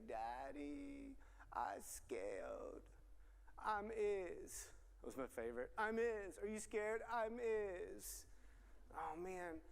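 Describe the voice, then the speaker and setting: A man, giving a casual college sermon and joking with the crowd. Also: sits high. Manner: chatty, joking with the audience, says y'all. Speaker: college ministry teacher. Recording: echoey hall with long reverb.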